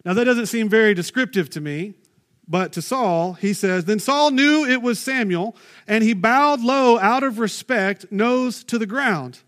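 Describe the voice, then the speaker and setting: Preaching a sermon, a man reads scripture and keeps breaking off into chatty asides and rhetorical questions. His voice sits high with a fairly bright tone, and he speaks at a measured pace.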